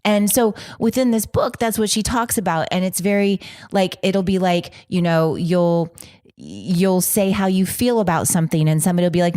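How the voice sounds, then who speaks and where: A woman's voice: fairly low pitch, moderate pace, darkish tone, dry recording. Earnest woman podcast host, dry close sound. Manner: earnest, talks in long run-on thoughts with many "like"s. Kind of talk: casual conversational podcast chat.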